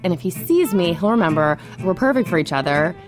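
A woman telling a personal story in a radio interview, chatty and animated, with many fillers and frequent laughs. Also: lowish voice, a little fast, over music.

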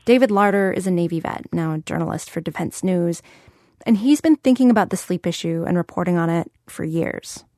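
A woman hosting and reporting, narrating a scripted story in a clear, conversational way. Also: fairly low pitch, brisk, mellow, no room sound. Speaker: host and reporter. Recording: dry studio sound.

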